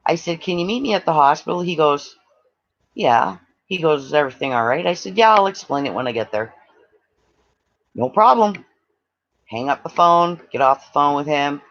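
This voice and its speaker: Speaking a little fast in a slightly high, gravelly voice, a man from Canada animatedly recounts a lengthy personal story, performing the quoted voices of others as he chats. It's captured in dull lo-fi audio.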